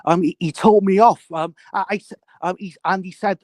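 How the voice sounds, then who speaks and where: A man's voice: high voice, fairly even intonation, fairly quick, darkish tone. A man from Wales in a casual chat, speaking hesitantly and often stumbling and restarting. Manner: hesitant, many ums and restarts.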